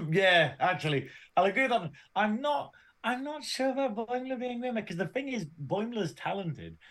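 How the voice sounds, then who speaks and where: Northern English male co-host, giggly and animated, a bit high-voiced. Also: moderate pace. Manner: laughs often, animated, swears casually. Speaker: podcast co-host reviewing episodes. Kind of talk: casual review chat.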